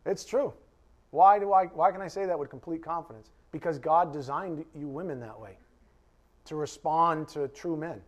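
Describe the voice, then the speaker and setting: A man preaching a conversational sermon to a Bible class. He talks directly to his listeners and swings between loud emphasis and quiet asides. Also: on the high side, moderate pace. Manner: emphatic and direct, addressing the congregation.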